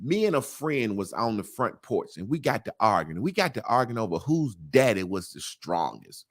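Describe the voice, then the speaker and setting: A man's voice: fairly low pitch, big pitch swings, moderate pace. A man as an interview guest, talking in a casual, emphatic way with slang and repetition.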